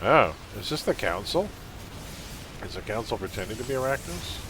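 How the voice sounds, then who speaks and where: A man's voice: fairly low pitch, very animated, moderate pace, noisy background. A man from Canada with a mild Canadian accent, chatting casually as he streams a game and reads its text aloud. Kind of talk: casual live-stream commentary.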